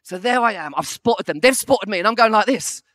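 A man's voice: sits high, animated, brisk, a bit bright, no room sound. A man preaching a sermon, telling a self-deprecating story with comic timing.

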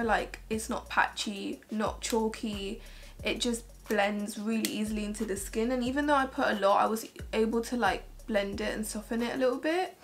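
A woman beauty vlogger chatting casually to camera as she reviews makeup, gushing, with lots of "like"s. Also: on the high side. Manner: chatty and gushing, many filler "like"s.

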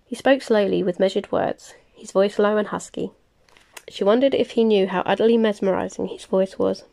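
A woman reading a novel aloud, plain and unhurried, with small slips she corrects as she goes. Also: mid-range voice, steady tone, gravelly, dark tone. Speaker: reader. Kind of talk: audiobook-style novel reading.

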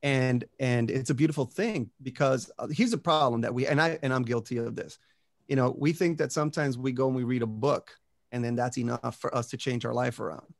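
Gravelly-voiced man, energetic motivational talk. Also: medium pitch, a little fast, no room sound. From Puerto Rico and the US. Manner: energetic motivational speaker, peppers talk with "right?" and "you know". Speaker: interview guest. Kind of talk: casual podcast conversation.

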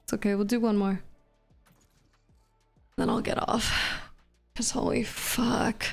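A woman streaming a shooter game, chatting casually with her viewers, reading chat aloud and swearing between plays while feeling a bit unwell and low on energy. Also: steady tone, slow pace, vocal fry, husky, faint music behind. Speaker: VTuber streamer.

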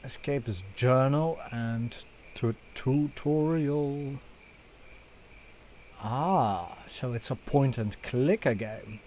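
A man's voice: medium pitch, very slow, darkish tone, slight background noise. A young man hosting a let's play, joking around, swearing and using lots of fillers. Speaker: gaming channel host.

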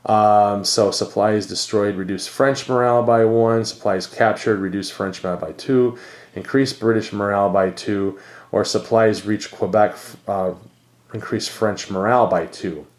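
A man's voice: lowish voice, steady tone, normal speed. A man hosting a board game channel, thinking aloud with many fillers and reading cards as he plays a solo game.

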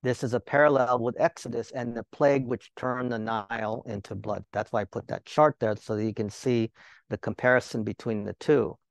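A man's voice: mid-range voice, steady tone, brisk, vocal fry, dry recording. A male Bible teacher giving a sermon, talking to the listeners with rhetorical questions and joking asides.

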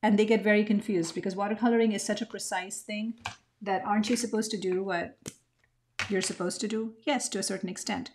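A woman's voice: medium pitch, steady tone, brisk, slight background noise. A woman teaching a mixed media art lesson, talking reflectively as she draws and often searching for her words. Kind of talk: craft tutorial narration.

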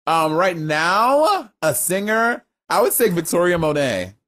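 Male podcast co-host, animated and swearing, high lively voice. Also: measured pace. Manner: animated, swears freely, laughs often. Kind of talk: casual banter.

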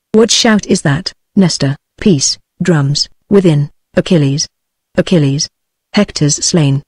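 A text-to-speech voice of a British woman reading a play aloud, announcing the speaker names and stage directions in the same even tone. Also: lowish voice, no echo. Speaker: audiobook reader.

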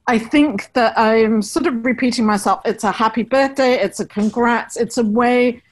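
A woman's voice: fairly high pitch, moderate pace, low-quality recording. A woman talent manager in casual conversation, frank and chatty, giving blunt advice. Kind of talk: casual video-call conversation.

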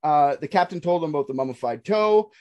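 A man's voice: on the high side, expressive, fairly quick, a little mellow, muffled recording. A man hosting a podcast, telling a story in a casual, jokey way and swearing freely.

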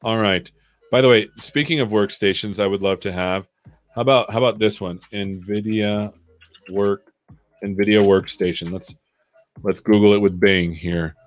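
A man's voice: on the low side, steady tone, moderate pace, faint music behind. A man hosting a live coding stream, chatting casually and joking while he thinks aloud.

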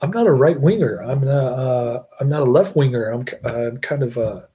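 A man's voice: medium pitch, moderate pace, warm tone, slightly rough. A middle-aged man hosting a casual movie review chat, rambling with fillers and chuckles.

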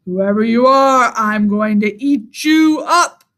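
A woman voicing a great big ugly male troll under a bridge in a storybook reading, with a low, gruff, threatening delivery. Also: takes it slowly, fairly bright tone. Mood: menacing.

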